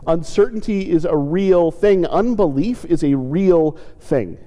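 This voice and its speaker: Pastor, reflective sermon, mellow dark voice, long church reverb. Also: male voice, animated, a little slow. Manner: reflective, acts out quoted pleas with lifted pitch. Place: church sanctuary.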